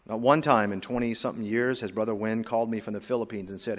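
A male pastor preaching a sermon with emphatic rises and drops in loudness, in a church sanctuary. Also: on the low side, fairly even intonation, fast, few pauses. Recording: long hall reverb.

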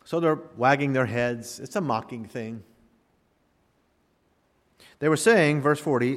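A man preaching a sermon, building to emphatic peaks and dropping into slow, quiet pauses. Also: medium pitch, in a large hall. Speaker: pastor.

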